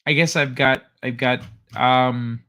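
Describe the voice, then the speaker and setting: A man's voice: medium pitch, steady tone, slow pace, pushed and bright. A middle-aged man hosting a late-night livestream, chatting loosely with his viewers, joking and swearing freely. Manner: loose, profane, joking with chat. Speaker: livestream host. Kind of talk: casual late-night stream chat.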